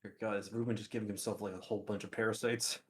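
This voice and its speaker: A man, playing a blunt, gruff adventurer who curses and scolds his companions in a tabletop game. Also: fairly low pitch, fairly even intonation, very fast, lightly acted. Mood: alarmed. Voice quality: blunt, cursing.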